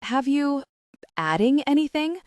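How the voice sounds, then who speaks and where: A woman's voice: high voice, big pitch swings, a little mellow, no room sound, voice pushed up. Woman reading as a flustered young single mom. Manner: quick, flustered, self-correcting. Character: flustered young single mother, guarded but caring.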